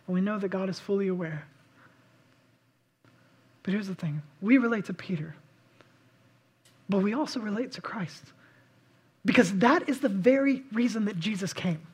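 A man preaching a sermon, swinging between loud impassioned outbursts and hushed, intimate reflection. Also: very high voice, husky. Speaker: pastor.

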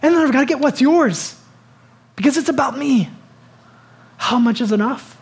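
Pastor, conversational sermon delivery, lively and questioning, talks to the congregation directly. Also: sits high, moderate pace, vocal fry. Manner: conversational, animated preaching that asks the congregation questions.

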